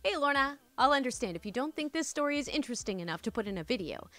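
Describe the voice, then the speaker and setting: A woman's voice: high-pitched, expressive, fast talker, a bit bright. A woman hosting a storytime channel, reading stories and chatting casually, swearing and calling listeners "my dudes".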